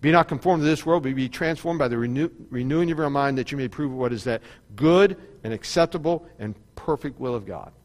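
A male pastor preaches in a sermon, his voice carrying a long hall reverb. He moves between fervent, climbing appeals and quieter, conversational storytelling, repeating phrases for emphasis. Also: medium pitch, brisk, hardly any pauses. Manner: preaching with rising fervor and repetition.

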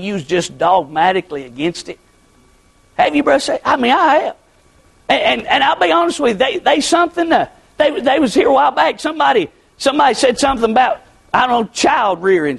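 Middle-aged preacher man, unusually high-pitched, impassioned, hushed-to-shouting delivery. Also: gravelly, husky. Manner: impassioned, swings between shouting and hushed pleading. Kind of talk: sermon.

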